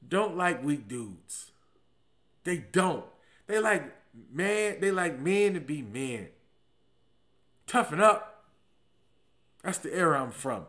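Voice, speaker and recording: Man, 40s, comedian, slightly high voice, slangy, profane, loud bursts then muttered asides. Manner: animated, swings between loud emphatic bursts and low muttered asides. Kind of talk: comedic storytelling monologue.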